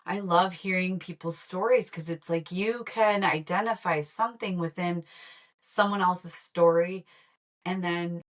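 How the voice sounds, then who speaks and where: A woman guest in a casual conversation, lively and laughing often, trailing off mid-sentence. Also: lowish voice.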